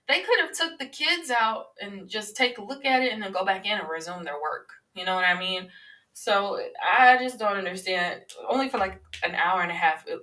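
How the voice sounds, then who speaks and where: A woman in her twenties chats her way through celebrity news on her podcast, rambling loosely and filling pauses with plenty of ums. Her voice is bright and sharp. She sits a little back from the microphone, so the sound is slightly distant. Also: mid-range voice. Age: 20s. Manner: rambling, chatty, many filler sounds. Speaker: podcast host. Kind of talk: casual celebrity-news monologue.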